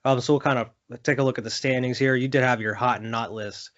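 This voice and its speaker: A man's voice: medium pitch, steady tone, a little fast, fairly bright tone, dull audio. A young man co-hosting a sports podcast, talking loosely with lots of fillers and laughs. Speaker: podcast co-host. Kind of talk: casual sports chat.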